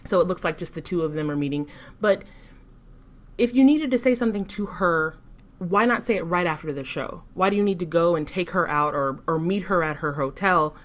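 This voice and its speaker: A woman co-hosting a casual commentary chat, speaking in a thoughtful, measured way. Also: lowish voice. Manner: thoughtful, measured, some restarts. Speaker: co-host.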